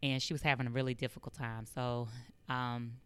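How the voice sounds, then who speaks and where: A woman's voice: extremely low pitch, flat delivery, brisk, fairly bright tone, smooth. A woman telling stories as an interview guest, acting out the voices of the people she quotes. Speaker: public health worker and guest. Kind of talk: storytelling in an interview.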